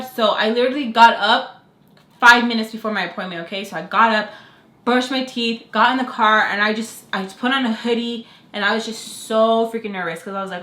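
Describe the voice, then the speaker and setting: A woman's voice: on the high side, brisk. Chatty young woman vlogger, echoey room. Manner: chatty, animated, lots of fillers. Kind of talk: casual storytelling to camera.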